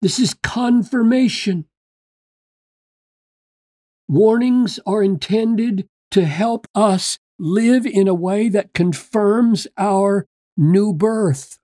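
An earnest preacher delivers a sermon in a slow, unhurried cadence, reading scripture and unpacking it point by point. The voice is mellow and dark, and the recording is dry and close, with no room sound. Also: medium pitch, no room sound. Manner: earnest, emphatic preaching with rhetorical questions; reads scripture aloud and explains it point by point.

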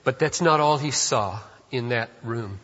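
A man's voice: medium pitch, a little slow. Male pastor preaching in an echoing hall. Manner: builds from hushed to loud and emphatic. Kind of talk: sermon. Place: church sanctuary. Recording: dull reverberant church hall.

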